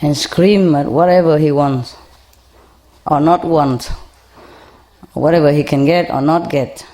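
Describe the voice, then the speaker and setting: Woman, unhurried, low voice, gentle coaxing tone, chuckles. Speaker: spiritual teacher speaking to a group. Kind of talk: casual talk to an audience and a pet bird.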